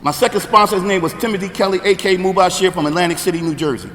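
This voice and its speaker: A man in his sixties sharing his recovery story at a meeting, talking conversationally and checking in with the room, getting louder and emphatic on key points. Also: sits high, very fast, long reverb tail, slight background noise. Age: 60s. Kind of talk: personal recovery share.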